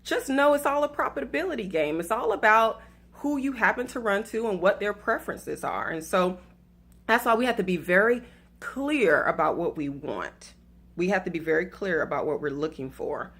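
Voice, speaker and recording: A woman's voice: medium pitch, animated, moderate pace, fairly bright tone, slightly rough. A woman with a Southern accent talks to her viewers in a casual, chatty way. She is playful and laughs at her own stories. She mixes faith with dating advice and calls her audience y'all. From Atlanta, US South. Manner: addresses viewers directly as y'all.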